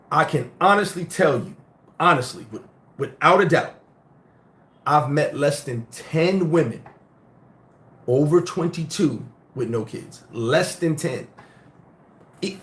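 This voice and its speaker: Middle-aged american guy hosting a stream, blunt and swears a lot, voice sits a bit high. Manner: blunt, profane, animated storytelling. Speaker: host. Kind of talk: casual live-stream chat.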